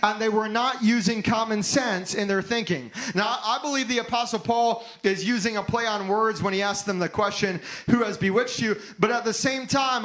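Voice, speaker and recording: A man with a high, light voice delivers a sermon. His preaching is emphatic and grows fervent as he presses each point home. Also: fairly bright tone, low-quality recording. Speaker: pastor.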